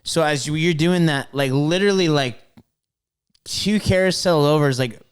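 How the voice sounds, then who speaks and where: A man's voice: on the high side, normal speed, smooth. A young man co-hosting a casual podcast, chiming in with jokes and laughter before taking over the story. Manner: chimes in with jokes and laughs, then picks up the story. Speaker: podcast co-host. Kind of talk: casual chat.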